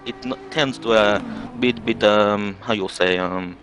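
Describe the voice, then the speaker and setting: A man faking a Russian accent as a troll posing as a racing driver, halting and crude, full of fillers. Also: on the low side, fairly bright tone. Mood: deadpan. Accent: fake Russian.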